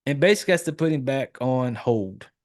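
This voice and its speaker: A man's voice: medium pitch, lively intonation, fairly quick. A man hosting a horror podcast, recapping a movie in a loose, rambling way, swearing freely and correcting himself as he goes. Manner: loose, profane, rambling with fillers and self-corrections. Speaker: podcast host.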